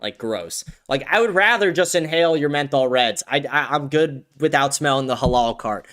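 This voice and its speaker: A man's voice: mid-range voice, expressive, moderate pace, fairly bright tone, slight background noise. A man hosting a livestream, chatting casually in a loose, profane, rambling way and laughing often. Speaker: livestream host.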